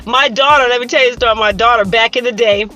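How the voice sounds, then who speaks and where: A woman in her fifties talks straight to her viewers in a lively, sassy monologue, slipping into voices for everyone she quotes. Her voice sits high and bright, with a forceful edge. Soft music plays faintly behind her. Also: fast. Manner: animated and sassy, acts out quoted people. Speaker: vlogger. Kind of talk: casual storytelling monologue.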